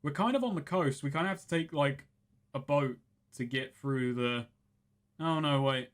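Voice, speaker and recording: A man with a slightly high voice talks through a tabletop game with friends. He rambles, doubles back and corrects himself as he goes, half in character and half out. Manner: rambling, self-correcting, quick asides. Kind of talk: casual in-character table talk.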